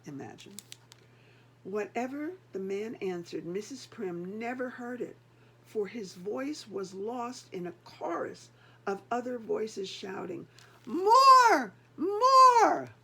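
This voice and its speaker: Older grandma reading a storybook to the kids, gravelly voice, lots of chatty asides. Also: female voice, medium pitch, slow, a little mellow, a little hiss or hum. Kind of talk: reading a picture book aloud to grandchildren.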